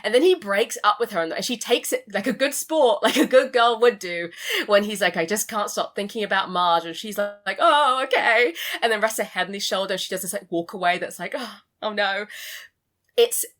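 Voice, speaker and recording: A woman guest in a casual film discussion, animated and laughing often, acting out characters in quick quoted voices. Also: mid-range voice.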